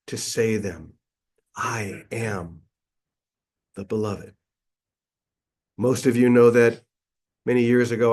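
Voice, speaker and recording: A middle-aged man leading a guided breathing meditation as a spiritual teacher, soft and drawn-out, often sinking to a near whisper. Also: mid-range voice.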